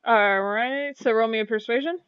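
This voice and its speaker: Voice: medium pitch, moderate pace, clean tone, dry recording, muffled recording. A game master narrating a tabletop game over voice chat, hesitant and full of fillers and restarts. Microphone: online voice chat.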